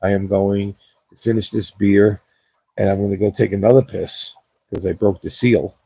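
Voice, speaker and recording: A man's voice: fairly low pitch, fairly even intonation, moderate pace, creaky, mellow, slightly rough, no room sound. A young man chatting casually at the end of his gaming livestream, laid-back, rambling and cursing often, on a cheap wireless mic.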